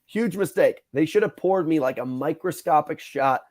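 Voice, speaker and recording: A man in his thirties hosting a podcast, telling stories in a casual, animated way, swearing freely and acting out what people said. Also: a little high, moderate pace. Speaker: podcast host. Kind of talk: casual storytelling chat.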